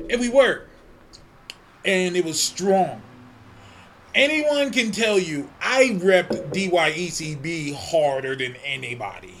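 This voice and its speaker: Podcast co-host, male, high voice, lively profane storyteller. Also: measured pace, a little hiss or hum. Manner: animated, profane, laughs often. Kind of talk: casual storytelling chat.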